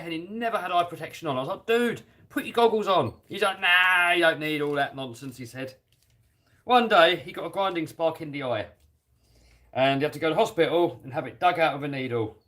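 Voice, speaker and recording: A British man talks casually on a live stream, reading out viewer comments while he works on a model car. His voice sits slightly high for a man, and he laughs easily. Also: a bit bright. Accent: British English. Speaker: RC hobby YouTuber reading live chat.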